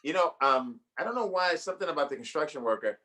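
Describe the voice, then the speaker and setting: Guy comic on a video call, bouncy pitch, bright voice, laughs a lot. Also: quick pace. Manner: animated storyteller, laughs often. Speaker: guest comedian. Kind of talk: casual chat on a video call.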